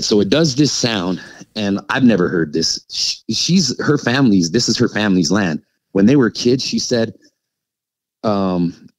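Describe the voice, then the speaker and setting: A man's voice: lowish voice, no room sound, rough recording. A man telling a podcast host about an encounter in a casual, rambling way, full of fillers and restarts. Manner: rambling and halting, full of "like" and "you know". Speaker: podcast guest recounting an encounter. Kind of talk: casual storytelling.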